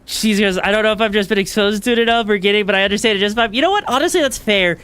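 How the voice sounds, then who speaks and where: A woman's voice: mid-range voice, racing, a bit bright, clear, resonant tone. A woman streamer chatting casually and rambling while she plays a game. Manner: rambling, chatty, lots of fillers. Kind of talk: casual gameplay commentary.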